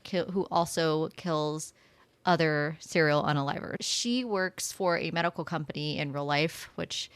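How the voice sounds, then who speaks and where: Woman host, lowish voice, dry close sound, chatty and enthusiastic. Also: dry recording. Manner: enthusiastic, chatty, with many fillers and asides. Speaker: podcast host. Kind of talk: casual book club chat.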